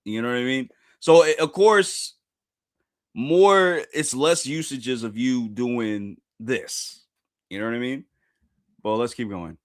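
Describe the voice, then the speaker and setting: A man streaming a live reaction to a manga chapter, talking casually to his viewers and bursting into loud, repeated exclamations. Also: fairly low pitch, expressive, unhurried. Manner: casual slangy talk addressed to viewers.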